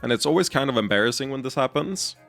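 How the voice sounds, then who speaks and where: A man's voice: medium pitch, lively intonation, quick pace, gravelly, fairly bright tone, faint music behind. A man streaming a game, rambling casually, giggly, with frequent restarts. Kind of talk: casual live-stream commentary.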